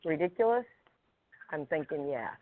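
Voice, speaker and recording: A woman calling in by phone to a talk show, speaking in an emotional, halting way. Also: low-pitched, very animated, background noise. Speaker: caller. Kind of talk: call-in phone chat. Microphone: telephone. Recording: tinny phone line.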